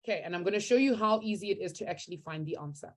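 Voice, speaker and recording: A woman's voice: medium pitch, expressive, very fast. Upbeat woman teacher. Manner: upbeat, encouraging, reads out names from the chat. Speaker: maths teacher. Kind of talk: live online class.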